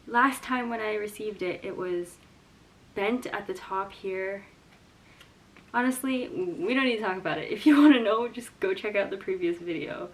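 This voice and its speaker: A young woman vlogging a book unboxing, gushing and emotional, jumping from excited squeals to hushed whispers. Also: medium pitch, a little hiss or hum. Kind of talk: casual unboxing vlog. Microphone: camera mic.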